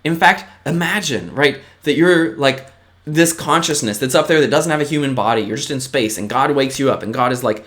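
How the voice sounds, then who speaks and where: A man giving a casual, earnest motivational talk to his viewers, often checking in with a quick "right?" and moving between eager bursts and softer, lower asides. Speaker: vlogger.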